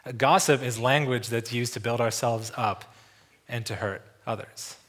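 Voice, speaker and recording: Male preacher, casual and conversational, mid pitch, lots of fillers. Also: steady tone, normal speed, a bit bright. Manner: tells a story, acting out the voices of the people in it. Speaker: visiting preacher. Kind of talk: sermon.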